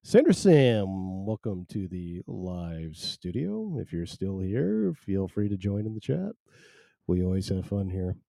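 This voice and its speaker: A man's voice: low-pitched, sing-song, unhurried, gravelly, warm tone, no echo. A man hosting a solo live stream, chatting in a rambling, wry, self-deprecating way.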